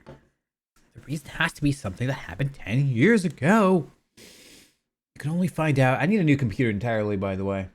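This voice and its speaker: A man chatting loosely while he plays a game on stream, drifting between topics. His voice sits at an ordinary middle pitch, and his sentences often fade into quiet mutters. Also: very animated, normal speed, long pauses. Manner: rambling, trails off quietly. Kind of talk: casual gameplay commentary.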